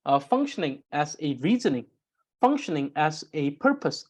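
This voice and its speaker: Low-voiced woman explaining grammar. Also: very animated, normal speed, darkish tone. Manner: careful, repeats and rephrases points, frequent "uh". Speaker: Tibetan grammar teacher.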